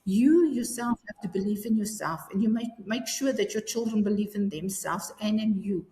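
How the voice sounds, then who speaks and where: A woman's voice: mid-range voice, normal speed, dark tone. A woman, telling her story earnestly in an interview, often restarting her sentences. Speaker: guest. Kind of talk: personal interview. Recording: echoey room with long reverb.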